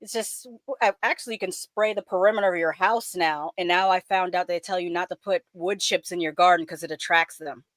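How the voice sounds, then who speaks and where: Animated woman from the northern US. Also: fairly low pitch, brisk, few pauses, dry recording. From northern United States. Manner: animated storyteller, acts out quotes. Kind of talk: casual chat.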